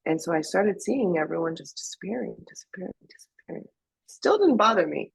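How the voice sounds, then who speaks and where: A woman telling her personal story in a conversational interview, emotional and halting, with many fillers and restarts. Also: on the low side, animated, creaky, breathy edge, no echo, rough recording. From Afghanistan. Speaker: interview guest.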